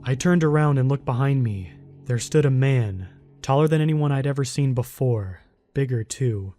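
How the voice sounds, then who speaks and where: A man telling a first-person horror story in a calm, steady narrating voice. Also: medium pitch, moderate pace, dry recording, soft background music.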